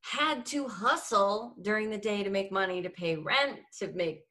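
A woman's voice: mid-range voice, normal speed, sharp tone. A woman hosting a casual podcast chat, eagerly speaking straight to her listeners. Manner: eager, addresses listeners directly. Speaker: podcast host.

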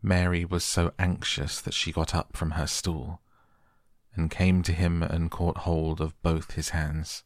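A man reading a classic novel aloud as a soft, soothing bedtime audiobook. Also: low voice, level tone, no room sound, studio quality. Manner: slow, soothing. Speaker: audiobook narrator.

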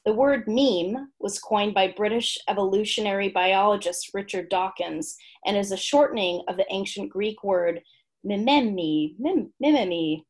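Co-host reading out loud, husky tone, wry playful asides, medium pitch. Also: female voice, steady tone, normal speed, few pauses. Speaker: podcast co-host. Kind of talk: reading a written entry aloud, casual chat.

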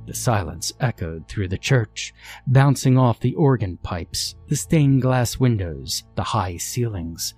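A man narrating a horror story in a measured storytelling manner. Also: medium pitch, lively intonation, darkish tone. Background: faint music.

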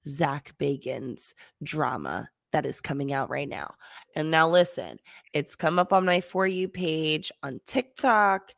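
Low gravelly woman chatting casually. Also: no room sound. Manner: swearing, giggly, gossipy. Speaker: podcast co-host. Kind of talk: casual chat.

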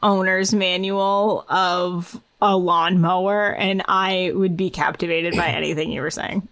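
A woman's voice: on the low side, fairly even intonation, unhurried, fairly bright tone, slight background noise. A woman co-hosting a casual podcast with playful, teasing banter. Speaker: podcast co-host.

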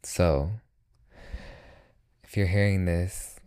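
A man's voice: sits low, steady tone, slow, pauses often, mellow. A young man hosting a motivational solo podcast, talking in an earnest, reassuring way and repeating phrases for comfort. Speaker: podcast host.

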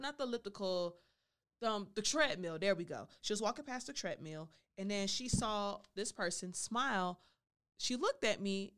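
A woman's voice: medium pitch, a bit bright, smooth. A woman hosting a solo storytelling podcast, talking playfully and now and then referring to herself in the third person. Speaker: podcast host.

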